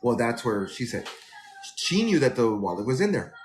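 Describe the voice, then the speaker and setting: A man who works as a flight attendant, telling a rambling, animated story on a live stream. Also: mid-range voice, normal speed.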